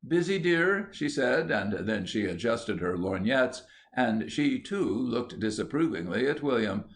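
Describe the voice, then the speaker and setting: A man reading an audiobook in a measured, wry storytelling voice. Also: fairly low pitch, animated. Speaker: audiobook narrator.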